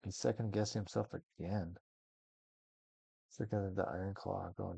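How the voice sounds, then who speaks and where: A man with a low, gravelly voice commentates a card game in a relaxed, thinking-aloud way. His tone is dark and mellow, recorded close and dry. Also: normal speed, pauses often, no echo. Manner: musing, thinks aloud with many maybes. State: yawning, tired. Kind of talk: casual match commentary.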